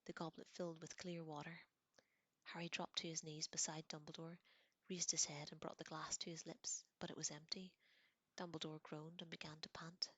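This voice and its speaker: A woman whispers her way through a novel in close, soft whispered role-play, sometimes correcting a slip. Her voice sits low, and the sound is dry with no room echo. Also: flat delivery, moderate pace, husky. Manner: soft, close whispered reading with small slips. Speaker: audiobook reader.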